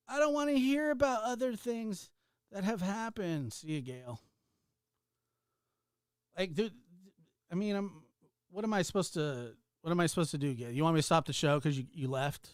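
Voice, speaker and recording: A man's voice: high-pitched, clean tone, dry recording, studio quality. A man hosting a livestream, ranting heatedly and sarcastically while greeting viewers in chat. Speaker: livestream host. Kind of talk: ranting livestream talk with chat shout-outs.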